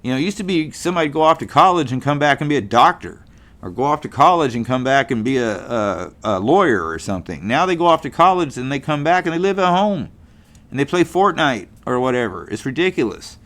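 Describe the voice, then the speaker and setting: A man's voice: medium pitch, sing-song, fairly quick, a bit bright. A middle-aged man from California hosting a casual monologue show, rambling in a folksy way with lots of fillers and restarts. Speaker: podcast host.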